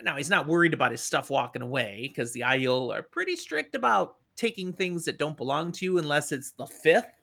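Animated middle-aged male storyteller. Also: on the high side, a little fast, creaky, few pauses. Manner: animated retelling, acting out the characters. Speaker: podcast host. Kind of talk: casual book discussion.

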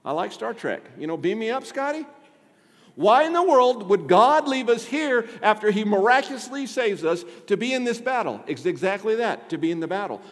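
A man preaching a sermon in a fairly high voice, leaning hard on rhetorical questions and drawn-out emphasis. His voice rings through a church with a long, lingering reverb. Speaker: pastor.

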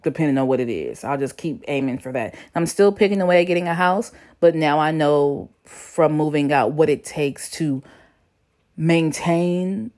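A young woman talks straight to her viewers, relaxed and full of slang. Her voice sits a little low, and she tells her story with lively, animated energy. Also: moderate pace. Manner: chatty, slangy, animated retelling. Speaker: vlogger. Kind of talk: casual storytelling to camera.

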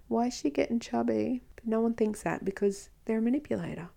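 A woman speaks frankly and earnestly as she hosts a podcast, recounting her own experience. Her voice is warm and mellow, with a gravelly fry running through it. Her delivery is personal and conversational, with quick asides. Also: a little high, lively intonation. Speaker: podcast host. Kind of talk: personal storytelling monologue.

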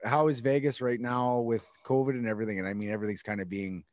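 A man's voice: mid-range voice, fairly even intonation, fast, darkish tone, no echo, highs cut off. A man co-hosting a podcast, playful and teasing in conversation. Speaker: podcast co-host. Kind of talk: casual interview chat.

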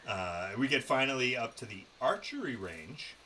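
A male podcast co-host tells a road-trip story in a loose, profane, casual chat. His mid-range voice is pushed and bright with lively intonation at a moderate pace, and the low-quality recording carries a little hiss or hum.

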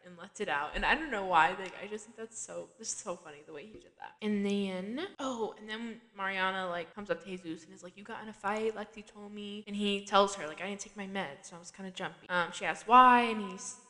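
A woman podcast host recaps a TV episode in relaxed, conversational talk. Her speech is full of "like" and quick laughs. Her voice sits at a middle pitch, and a long reverb trails behind it. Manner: chatty, laughs often, frequent "like" fillers. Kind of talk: casual chat.

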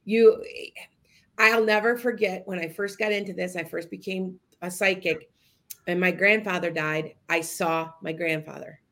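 A woman's voice: lowish voice, fairly even intonation, a little slow, a bit bright. Rambling woman podcast host. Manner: rambling, with many restarts and asides to listeners. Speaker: podcast host and psychic medium. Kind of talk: casual storytelling monologue.

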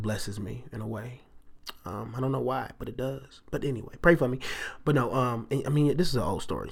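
A man hosting a podcast, telling a story in a casual, animated way and jumping into exaggerated voices for the people in it. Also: mid-range voice. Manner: animated, jumps into exaggerated character voices and back. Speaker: podcast host.

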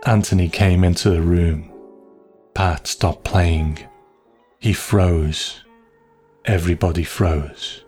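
A man narrating a story in a slow, measured, hushed way. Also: deep voice, steady tone, faint music behind.

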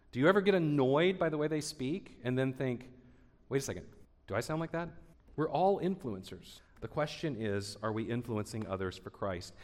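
Pastor guy in his 40s, kinda high voice, preaching earnest with lots of restarts, long echo off the church hall. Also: fairly bright tone. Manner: earnest, repeats words and restarts, rising to emphatic peaks. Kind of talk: sermon. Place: church sanctuary.

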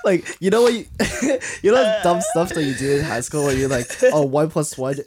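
A man's voice: a little high, lively intonation, a little fast, a loud crowd. A young man in casual chat with friends, laughing as he tells a school story. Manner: laughs through his stories.

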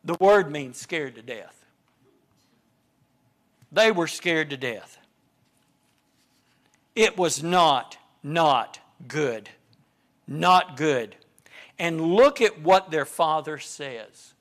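Slow, high-voiced man teaching a Bible class. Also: lively intonation, fairly bright tone. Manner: repeats phrases and poses rhetorical questions.

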